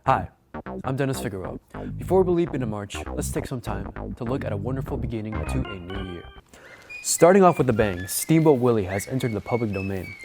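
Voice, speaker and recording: A man's voice: medium pitch, lively intonation, a little fast, music in the background. Upbeat teen boy reading a news recap. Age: teenager. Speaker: student news reporter. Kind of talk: scripted entertainment recap.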